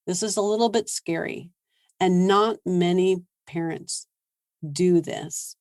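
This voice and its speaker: A woman parenting coach giving a seminar talk, animated and laughing often as she acts out quoted lines. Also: lowish voice, no room sound, studio quality.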